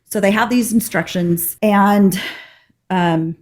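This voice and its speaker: A woman in her thirties, co-hosting a podcast, telling a story in a casual, animated way and acting out the people in it. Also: medium pitch, slow pace. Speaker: podcast co-host.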